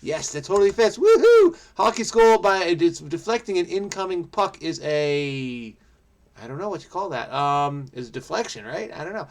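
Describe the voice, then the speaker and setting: A man hosting his own channel, solving a crossword out loud in a casual think-aloud, frenetic and muttering to himself. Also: a little high, animated. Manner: frenetic, muttering to himself, quick bursts then trailing off. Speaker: crossword solver, channel host.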